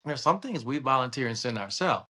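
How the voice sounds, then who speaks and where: Bright-voiced Southern man telling lively stories. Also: medium pitch, brisk. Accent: Southern American. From American South. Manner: animated, laughing often, acting out voices in anecdotes. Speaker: podcast guest, surgeon and state senator. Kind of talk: casual storytelling conversation.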